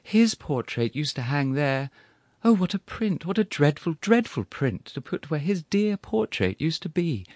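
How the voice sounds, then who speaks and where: A man's voice: a little high, big pitch swings, a little mellow, no echo, voice pushed up, exaggerated voice. A man doing a wailing, grieving old widow. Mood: imploring. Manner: wailing, imploring, drawn-out sighs. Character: grieving, clinging older widow, wailing and sentimental. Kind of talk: audiobook character voice.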